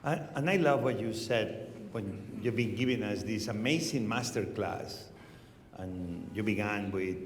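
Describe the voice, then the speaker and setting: A middle-aged man with a Spanish accent hosts a live onstage conversation, animated and laughing and swearing freely. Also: lowish voice, a little slow, a little hiss or hum. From Spain. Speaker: podcast host. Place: large venue with live audience. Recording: echoey hall.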